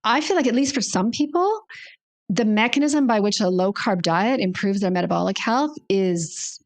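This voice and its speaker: A woman's voice: mid-range voice, lively intonation, moderate pace. A woman guest, a naturopathic doctor, explaining at length in a conversational interview, often restarting and thinking aloud.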